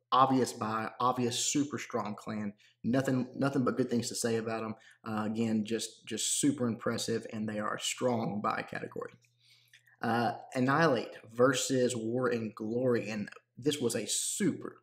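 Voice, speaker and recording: A man giving casual solo commentary on clan war results as a gaming YouTuber, relaxed and full of fillers and restarts. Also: mid-range voice.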